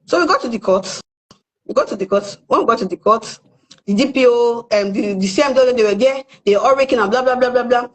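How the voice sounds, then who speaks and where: A woman's voice: a little high, fast, low-quality recording. A young woman with a Nigerian accent, telling a story in casual chat and acting out the people she quotes. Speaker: guest storyteller.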